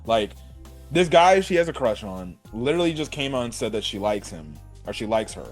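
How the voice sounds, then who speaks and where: A young man talks through an anime episode in a loose, excited ramble, peppering his talk with "bro" and "right?". His voice sits at an ordinary middle pitch. Faint music plays under him. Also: fairly quick. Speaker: anime reviewer. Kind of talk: casual episode review.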